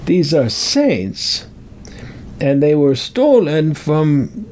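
A man's voice: a little high, big pitch swings, drawn-out words, a little mellow, a little hiss or hum, voice pushed up, heavily acted. A man voicing a young Vatican priest with a put-on Italian accent, patiently repeating himself. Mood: gently correcting. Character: young male Vatican priest, gently insistent.

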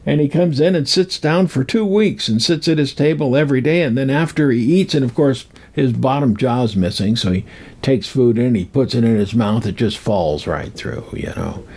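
A man's voice: mid-range voice, moderate pace, darkish tone. A man in his sixties telling folklore in a rambling, chuckling way, acting out voices as he goes. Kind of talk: casual storytelling talk.

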